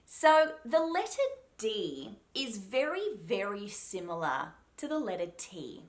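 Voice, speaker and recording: A young Australian woman coaching accent tips straight to camera. Her pitch moves animatedly around a mid range, and she slows down carefully whenever she models a sound. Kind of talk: pronunciation lesson to camera.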